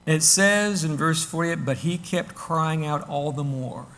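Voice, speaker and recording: A man delivering a sermon with a high, bright voice. He talks conversationally, chuckles now and then, and breaks into loud, acted-out shouts for the crowd. His delivery is lively and full of rhetorical questions. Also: measured pace. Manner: animated, acts out the crowd and shouts with sudden bursts. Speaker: pastor.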